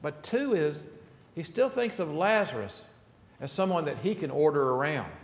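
A man's voice: fairly high pitch, echoey room, in a large hall. A man pastor preaching an earnest, emphatic sermon in a church sanctuary.

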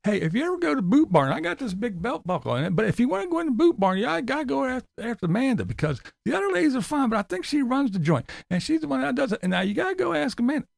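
Guy doing a whiny excitable rv vlogger dude, high and rambly, raspy edge, dry sound. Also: very fast, few pauses, dry recording, exaggerated voice. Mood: gushing mockery. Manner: repetitive, excitable, mocking. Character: gushing, rambling male RV vlogger, lonely.

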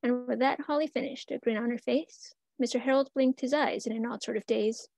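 A woman reading her own rhymed story aloud at a student symposium in measured verse. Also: on the high side, fairly even intonation, vocal fry, darkish tone, no room sound. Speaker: student reader.

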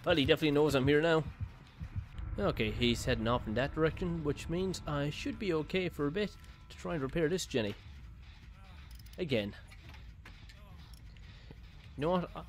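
A man's voice: fairly high pitch, expressive, normal speed, long pauses, a little hiss or hum. A man giving live commentary on his own gameplay, panicky, muttering to himself and breaking into sudden yelps. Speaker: gaming YouTuber.

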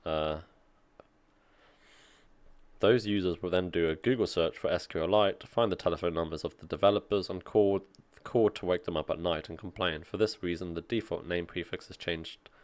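A man's voice: deep voice, fairly even intonation, normal speed. A man reading an article aloud and reacting with offhand, dry remarks in a casual tech commentary.

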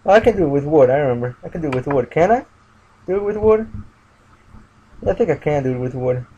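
A man's voice: fairly high pitch, lively intonation, fast talker, warm tone. A man giving casual gameplay commentary, muttering to himself and chanting sing-song refrains. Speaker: gamer. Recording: dull lo-fi mic with light noise.

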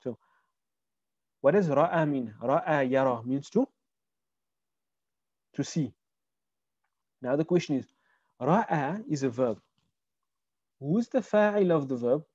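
Man, fairly high voice, mellow tone, Arabic teacher, online lesson, dull call audio. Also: expressive, takes it slowly, long pauses, husky, no echo. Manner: explains word by word, asks students questions. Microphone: video call.

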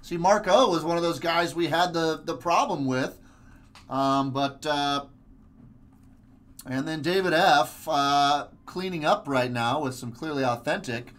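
A man hosting a live stream where card packs are opened, chatting away in an upbeat, casual way. His voice sits slightly high for a man, and he fills pauses with easy fillers. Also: a bit bright. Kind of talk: live commentary while opening card packs.

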